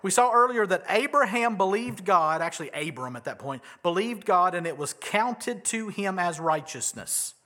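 A man delivers a sermon in a bright, high voice. He talks conversationally, tosses out rhetorical questions and punches key words for emphasis. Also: expressive, moderate pace, few pauses. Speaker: pastor.

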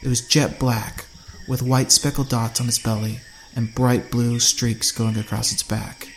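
A man narrating a first-person survival story in a steady, measured way. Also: medium pitch, slight background noise.

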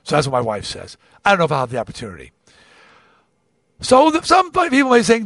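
Animated storytelling man, lively pitch. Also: brisk, pauses often, dry recording, clean studio sound. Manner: animated, repeats words, restarts, acts out quotes. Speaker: podcast host. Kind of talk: confessional storytelling.

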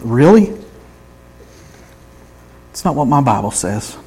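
A man preaching a sermon, emphatic, swinging between loud exclamations and hushed intensity. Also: a little high, lively intonation, unhurried, a little hiss or hum, low-quality recording.

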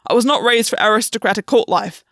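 A woman reading aloud and voicing a battle-worn male fae soldier with a rough, blunt voice. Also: fairly high pitch, fast talker, dry recording, clean studio sound. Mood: defiant. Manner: blunt, forceful.

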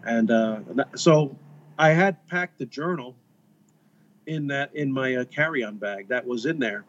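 A man's voice: medium pitch, measured pace. Brief: American man, guest author, rambling storyteller, a touch muffled in sound. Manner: rambling, animated when retelling. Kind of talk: casual storytelling interview. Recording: slightly dull lo-fi audio.

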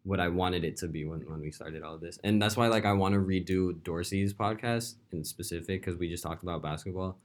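Young male podcast host, very low voice, relaxed and rambling. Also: brisk, few pauses. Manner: relaxed, filler-heavy, frequent "like". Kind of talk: casual chat.

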